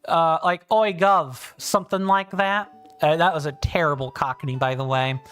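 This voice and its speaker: A man's voice: fairly high pitch, normal speed, fairly bright tone, soft background music. A man in his thirties with a British-sounding accent, hosting a casual game livestream and reading chat in a rambling, friendly way full of fillers and restarts. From South Carolina, US. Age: 30s. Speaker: livestream host.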